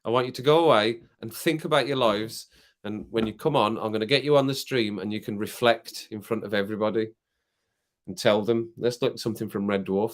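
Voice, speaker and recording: A British man with a lowish, fairly even voice hosts a casual late-night live stream at a brisk pace. Sipping rum, he chats loosely and rambles with viewers, laughing often, reading comments aloud, and coughing every so often.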